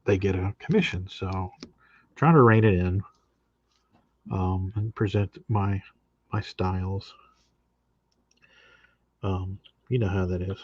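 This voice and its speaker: Guy with a lowish voice rambling about his art, um-ing a lot, dull dry stream audio. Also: slow pace, long pauses, slightly rough, dry recording. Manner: relaxed, rambling with many fillers. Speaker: comic artist guest. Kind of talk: casual chat on a live stream.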